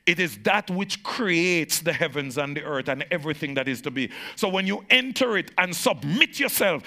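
A male pastor preaching with a high, gravelly voice and a sharp, bright edge. He hammers home repeated phrases. He swings between shouted peaks and slow, hushed stretches. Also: expressive. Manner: insistent repetition of phrases. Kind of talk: sermon to a live congregation.

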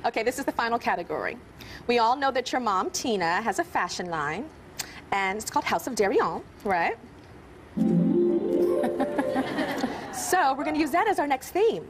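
A bubbly woman talk show host with a high, lively voice that swoops up and down. She teases her guest and laughs a lot, with a studio audience murmuring and noise behind her. She sounds to be in her thirties. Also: a little slow, pauses often, music in the background, a crowd in the background. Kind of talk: playful talk show interview.

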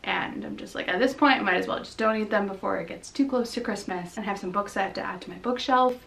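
A young woman vlogging casually at home, bubbly, often switching to high baby talk with her dogs. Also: fast talker, gravelly, fairly bright tone. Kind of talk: casual vlog chat. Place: home, indoors and out in the snow.

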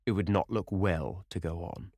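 A man voicing a worldly, detached older aristocrat who speaks calmly and dismissively, in an audiobook reading. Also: low-pitched, normal speed, no room sound, studio quality. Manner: calm, detached, drawling.

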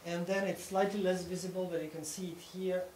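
A man's voice: high-pitched, flat delivery, a little fast. A man giving a technical conference talk, explaining things step by step and often checking in with the audience. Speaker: conference speaker. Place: conference hall. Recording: echoey hall with faint room noise.

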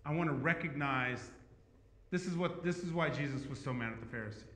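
Bright-voiced preacher man in an echoey hall. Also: a little high, brisk. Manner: conversational preaching, swings between emphatic and hushed. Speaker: pastor. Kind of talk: sermon. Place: church sanctuary.

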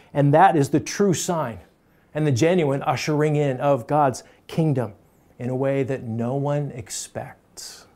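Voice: mid-range voice, a little mellow. A pastor preaching a sermon in a conversational, emphatic way, often breaking into small chuckles.

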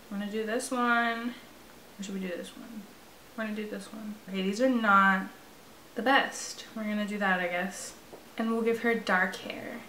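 A woman's voice: medium pitch, fairly bright tone, a little hiss or hum. Chatty young woman in a roomy room. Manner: chatty, self-mocking, swears a lot. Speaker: vlogger playing a phone game. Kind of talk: casual gameplay chat.

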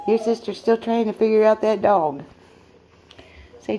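Woman, middle-aged, home phone video: gentle giggly baby talk to animals, mellow tone, unhurried delivery. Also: mid-range voice, dull audio, a little hiss or hum. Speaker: pet foster carer. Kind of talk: casual talk to pets while filming. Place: at home indoors. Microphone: phone camera.

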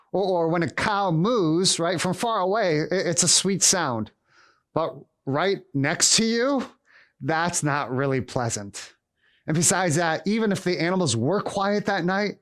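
A middle-aged man preaches a Christmas Eve sermon in a storytelling way. His voice sits somewhat high for a man. Now and then he acts out the characters in his stories. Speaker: pastor.

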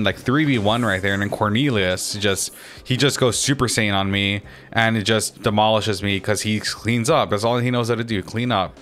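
A man's voice: brisk, a bit bright, a little hiss or hum. A young man giving casual gameplay commentary, swearing and ranting at opponents, his voice climbing when he gets agitated. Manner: restarts and fillers, rises in pitch when agitated. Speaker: gaming commentator.

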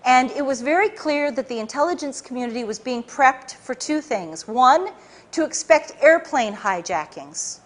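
A woman with a high voice is speaking to a live audience. She tells her story in an animated, lecture-like way. She often restarts and repeats words as she goes. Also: moderate pace. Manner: animated, frequent restarts and repetitions. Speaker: public speaker giving a talk.

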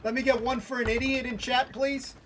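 A man streaming a game live, excitable and swearing a lot as he talks to viewers and a teammate. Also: very high-pitched, fairly quick, very noisy. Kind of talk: live gaming stream chat.

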